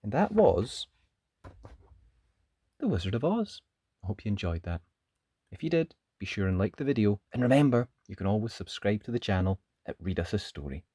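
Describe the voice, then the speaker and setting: A man reading a children's picture book aloud as a storyteller, with expressive, sing-song narration. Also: lowish voice, moderate pace, pauses often, husky, no room sound, clean studio sound.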